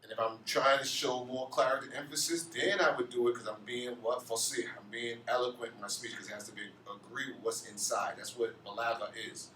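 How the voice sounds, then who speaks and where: A man's voice: medium pitch, steady tone, fairly quick, hardly any pauses, sharp tone, distant mic, a little hiss or hum. A man teaching an Arabic grammar class, asking his students questions and answering them himself. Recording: echoey room, off-mic, faint ambience.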